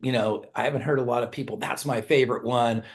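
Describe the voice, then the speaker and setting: Middle-aged rock guy rambling thru a story, does all the voices loud, medium pitch. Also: fast talker. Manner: animated storyteller, acts out quotes in raised voices, laughs often; loose, rambling, swears casually. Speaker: songwriter and band singer, interview guest. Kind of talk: casual storytelling interview.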